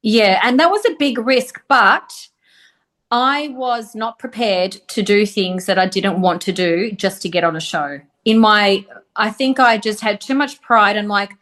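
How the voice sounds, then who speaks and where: A woman's voice: medium pitch, measured pace, a bit bright. A woman being interviewed as a podcast guest, a former reality TV contestant, speaking emphatically and acting out quotes as she tells her stories. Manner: emphatic, defiant storytelling with acted-out quotes. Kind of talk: casual conversational interview.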